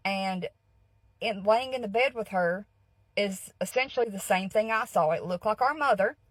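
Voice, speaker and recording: A woman's voice: medium pitch, moderate pace, no echo, poor audio. A woman telling a personal story in a casual, earnest way, often checking in with her listeners. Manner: earnest, keeps checking in with "okay?". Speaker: guest storyteller.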